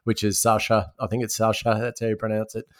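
A man's voice: on the low side, level tone, fairly quick, no echo, studio quality. A man co-hosting a casual movie podcast, emphatic and opinionated in his recommendations. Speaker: podcast co-host.

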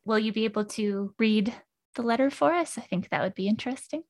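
A woman's voice: a little high, a little fast, a little mellow. A woman hosting a podcast and interviewing guests in a conversational way, laughing easily. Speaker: podcast host.

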